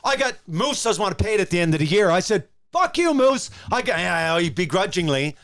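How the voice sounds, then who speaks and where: A man's voice: high voice, quick pace. Rambling older man telling hockey stories. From Newfoundland, Canada. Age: 60s. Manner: rambling, animated, lots of restarts. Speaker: guest, former hockey player. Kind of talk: casual storytelling.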